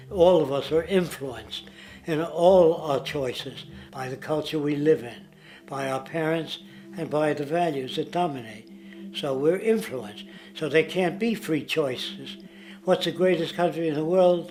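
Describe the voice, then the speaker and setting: A man lectures emphatically, driving his points home with force. His voice sits a touch high, and clear music runs underneath it the whole time. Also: darkish tone. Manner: emphatic, lecturing, mimics others. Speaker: interviewee. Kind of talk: impassioned monologue.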